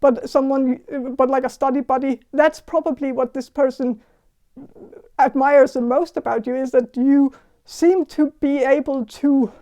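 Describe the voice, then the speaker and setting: High-voiced, hesitant woman tarot reader. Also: fairly even intonation, dark tone. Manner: halting, hesitant, many fillers and restarts. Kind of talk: casual spoken tarot reading.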